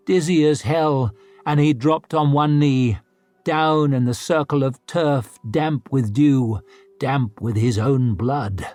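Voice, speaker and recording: A man narrating an audiobook in a measured, dramatic storytelling manner. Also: medium pitch, a little mellow, faint music behind.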